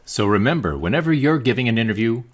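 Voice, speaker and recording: A man presenting an instructional video about interviews, delivering it in a lively, joking way. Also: medium pitch, quick pace.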